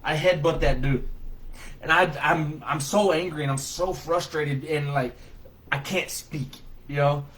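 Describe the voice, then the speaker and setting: Animated storytelling man, slightly high voice. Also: unhurried, a little hiss or hum, poor audio. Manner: animated, loud when reenacting his own words, colloquial with "y'all". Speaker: vlogger telling a personal story. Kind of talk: casual spoken storytelling.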